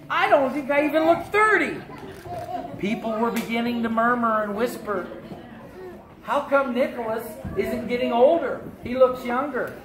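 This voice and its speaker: Animated storyteller woman, echoey audience room. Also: mid-range voice. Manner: animated, playful, with voiced-out dialogue. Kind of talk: live first-person storytelling in character.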